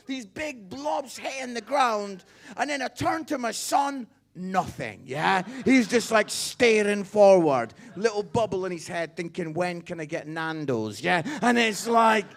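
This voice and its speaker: A middle-aged man, a pastor telling a personal story in a sermon, animated and chatty, often checking in with his listeners. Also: very high voice.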